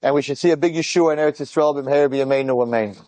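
A middle-aged man, a rabbi and teacher, telling an inspirational story to an audience and acting out the dialogue with lively bursts. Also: medium pitch, dry recording. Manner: animated, acts out the dialogue in quick bursts.

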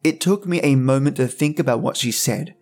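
A podcast host narrates horror stories in a measured, dramatic reading, his voice at a medium pitch over a soft music bed.

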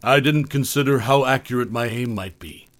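A man reading a horror story aloud as a podcast narrator, measured, sinking soft and low at tense moments. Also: no room sound. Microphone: close studio mic, dry.

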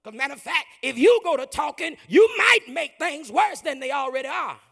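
A man voicing God as a stern figure who flatly refuses excuses, with a bright, gravelly voice. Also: very high voice, moderate pace, pitched above the performer's own voice, heavily acted. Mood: firm. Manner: blunt and commanding.

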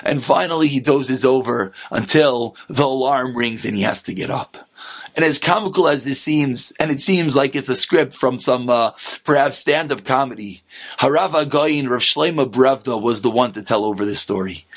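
A man's voice: mid-range voice, normal speed. A man, a rabbi, telling a story as a sermon and acting out its characters. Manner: animated, acting out voices.

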